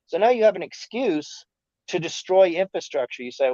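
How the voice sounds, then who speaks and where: A man's voice: high voice, normal speed, dry recording. Ranting man on a dull, dry mic. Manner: rambling, animated rant with mocking put-on quotes. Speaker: podcast guest. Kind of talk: casual chat.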